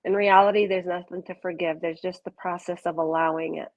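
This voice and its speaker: A woman giving a live oracle card reading, talking softly and wandering between thoughts with gentle excitement. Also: lowish voice, fairly quick, muffled recording. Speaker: card reader.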